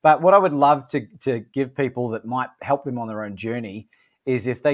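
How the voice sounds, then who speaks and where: A man's voice: medium pitch, normal speed. An Australian man, a guest author and podcaster, talking in an upbeat, emphatic way in a casual interview.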